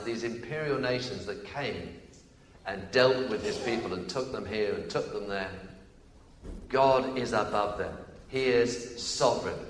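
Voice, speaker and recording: A man preaching a sermon, emphatic and animated, shifting between loud declarations and quick asides. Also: medium pitch. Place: church. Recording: echoey church hall, reverberant.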